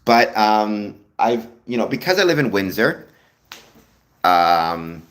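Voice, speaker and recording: A man's voice: lowish voice, sing-song, takes it slowly, a bit bright. A man from Canada, hosting a casual livestream, musing aloud and greeting viewers in chat with frequent ums. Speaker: livestream host.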